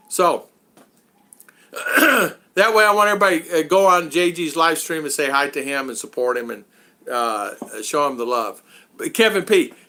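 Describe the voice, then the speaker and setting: Chatty, chuckling man with a bright voice. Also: sits high. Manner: rambling, chuckling, with many fillers. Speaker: live stream host. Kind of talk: casual live stream chat.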